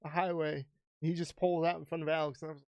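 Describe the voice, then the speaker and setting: A man's voice: fairly high pitch, flat delivery, fast, dry recording, highs cut off. A man co-hosting a podcast in casual chat, agreeing and sounding exasperated, with some swearing. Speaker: podcast co-host.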